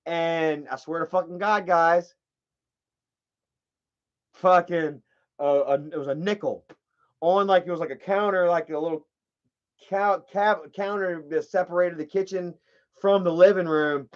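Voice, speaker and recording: A man's voice: sits high, unhurried, long pauses. A young man telling a rambling, profane story to his viewers in casual chat. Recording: dull lo-fi stream audio.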